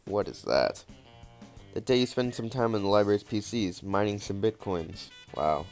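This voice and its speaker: Low-voiced young man joking through a game. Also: moderate pace, a little mellow. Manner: joking, swearing, off-the-cuff. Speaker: let's play gamer. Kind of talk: reading game text and commenting. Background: faint game music.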